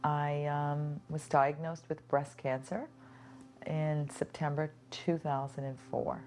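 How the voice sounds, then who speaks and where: A woman, a mother of four, quietly and hesitantly recalling her cancer diagnosis in an interview testimonial. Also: sits low, level tone, takes it slowly. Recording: music bed under the voice.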